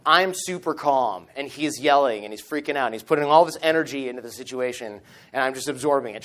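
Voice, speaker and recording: Man telling a story on stage. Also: mid-range voice. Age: 30s. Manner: animated storyteller, acts out quoted lines. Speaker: conference speaker. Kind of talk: storytelling keynote talk. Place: conference stage. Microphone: stage microphone.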